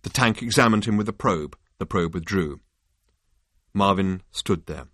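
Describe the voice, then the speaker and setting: A man reads a book chapter aloud in a measured, dryly expressive voice. His pitch is fairly low. The recording is dry and close, with no room sound. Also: no echo. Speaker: audiobook narrator. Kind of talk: scripted narration.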